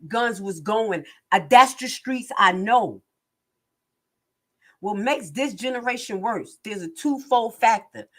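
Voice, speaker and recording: A woman's voice: a little high, animated, takes it slowly, a bit bright. A middle-aged woman giving impassioned live-stream commentary, blunt and streetwise, preaching and repeating herself for emphasis.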